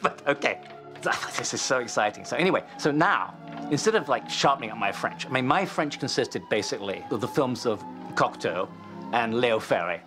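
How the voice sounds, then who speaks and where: A film editor telling a lively anecdote for a DVD commentary, laughing often and acting out the dialogue. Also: male voice, mid-range voice, brisk, music in the background. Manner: animated storyteller, laughs often, acts out dialogue.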